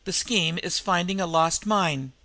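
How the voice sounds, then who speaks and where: A man voicing a kind young woman who reads a letter aloud gently. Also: sits high, a little slow, no room sound, exaggerated voice. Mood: reading.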